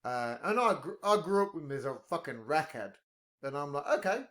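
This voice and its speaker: A man's voice: fairly high pitch, expressive, fairly quick, a bit bright. A man in casual podcast chat, rambling and profane, joking a lot. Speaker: podcast talker.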